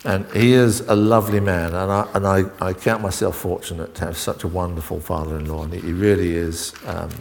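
A middle-aged man preaching an informal sermon, halting and full of restarts and asides as he talks with the congregation. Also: deep voice, flat delivery, creaky, a little hiss or hum. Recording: long reverb in a hall.

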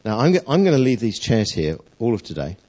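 A man preaching a sermon, telling stories with playful jokes and dramatic pauses. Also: medium pitch, very animated, darkish tone. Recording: dull lo-fi recording.

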